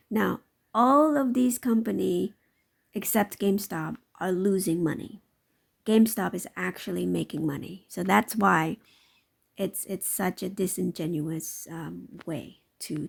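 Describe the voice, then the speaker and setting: Gravelly, husky woman reacting skeptically. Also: mid-range voice, darkish tone. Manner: halting, with many fillers and asides; sarcastic, skeptical. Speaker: stock market commentator. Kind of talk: reaction commentary over a news clip.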